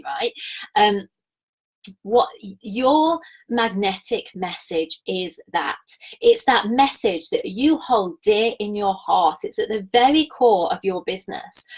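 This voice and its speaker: A woman's voice: fairly high pitch, low-quality recording. A woman in her thirties giving a passionate, chatty business coaching talk and laughing often. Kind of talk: live online coaching talk.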